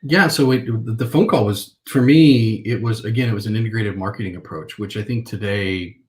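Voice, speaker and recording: Low-voiced man telling animated stories. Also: brisk. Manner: animated storyteller acting out phone calls. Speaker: guest. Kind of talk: interview.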